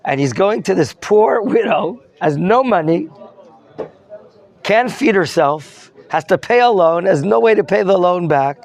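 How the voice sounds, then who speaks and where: A man's voice: sits high, expressive, measured pace, vocal fry. A man teaching a Torah lesson as a rabbi, questioning his students and mixing in Hebrew terms. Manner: questions the students and prompts answers.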